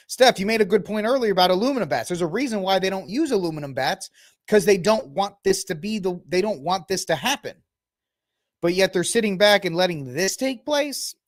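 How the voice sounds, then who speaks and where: Man, podcast host, casual rambling chat, fairly high voice, dry close mic. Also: dry recording. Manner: chatty, rambling, talks to the audience while browsing the web. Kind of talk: casual solo commentary.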